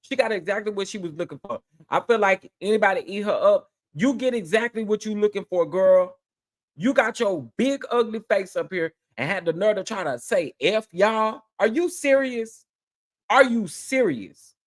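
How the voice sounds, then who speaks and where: A man hosting a casual live stream, talking in a sassy, animated way and repeating phrases for emphasis. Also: high voice, normal speed. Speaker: livestream host.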